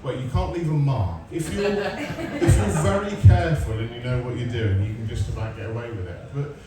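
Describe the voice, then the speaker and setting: A man's voice: medium pitch, very animated, normal speed, distant mic, loud music behind the voice. A man in his forties from England doing a stand-up comedy set, sarcastic and sweary, telling stories and chatting with the crowd. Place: comedy club stage. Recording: roomy live venue, mic heard from afar, crowd. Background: audience laughter.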